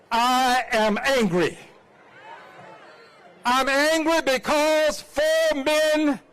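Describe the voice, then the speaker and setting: A man's voice: very high voice, a bit bright, rough recording. A lawmaker giving a fiery, impassioned rally speech, repeating a refrain and drawing out his emphatic words. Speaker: lawmaker speaking at a public rally.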